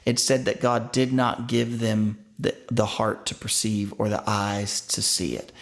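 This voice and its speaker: A man's voice: on the low side, flat delivery, unhurried. Conversational male pastor preaching. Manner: conversational, asks the listeners questions, restarts words. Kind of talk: sermon.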